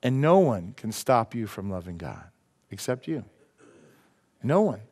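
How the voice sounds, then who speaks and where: A male pastor preaching a sermon in a church, rising to loud emphatic peaks and dropping to quiet, earnest lines. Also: lowish voice, big pitch swings, measured pace. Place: church sanctuary.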